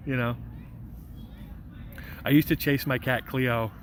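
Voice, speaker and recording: A man's voice: medium pitch, a little slow, long pauses, a bit bright, a little hiss or hum. A young man livestreaming outdoors in a park, reading out chat messages in a rambling, joking, goofy way. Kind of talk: casual live vlog chat.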